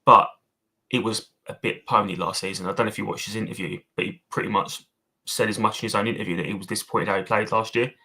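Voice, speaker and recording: Husky, forceful man, matey. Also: lowish voice, steady tone, quick pace. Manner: blunt, matey, swearing, says mate a lot. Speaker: podcast co-host giving opinions. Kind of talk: casual fan podcast chat.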